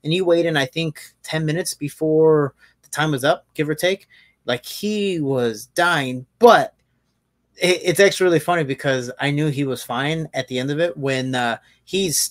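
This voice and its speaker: A man, a fighter and podcast host, telling stories in a casual chat, animated and swearing freely. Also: mid-range voice, moderate pace, no room sound. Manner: animated storyteller, swears freely, many restarts.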